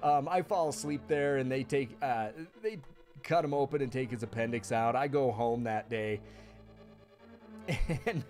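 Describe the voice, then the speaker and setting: A man's voice: medium pitch, unhurried, a little mellow. A man streaming a video game, telling a long story in casual chat, rambling and laughing with plenty of fillers. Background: faint video game music.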